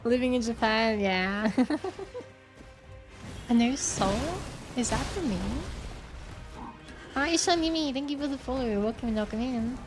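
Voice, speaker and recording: A woman's voice: a little high, a little slow, pauses often, music in the background. A woman with an Australian accent, streaming and chatting casually in a giggly, rambling way as she reads out viewer comments. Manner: giggly, rambling, with restarts and fillers. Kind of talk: casual chat reading out viewer comments while gaming.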